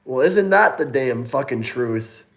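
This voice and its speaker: A man's voice: mid-range voice, animated, measured pace, fairly bright tone. A young man hosting a casual livestream, reading chat aloud and answering in a mocking, taunting way with frequent swearing.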